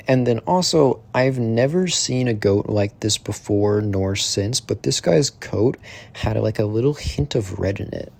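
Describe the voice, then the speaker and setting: Male vlogger, lowish voice, casual storytelling, rambling with fillers and swearing, amused disbelief. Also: expressive, moderate pace, gravelly, darkish tone.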